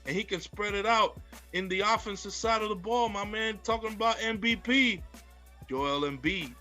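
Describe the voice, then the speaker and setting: A man's voice: sits high, normal speed, sharp tone, faint music behind. A young man co-hosting a podcast, hyped, boastful and playful in casual sports chat. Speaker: podcast co-host.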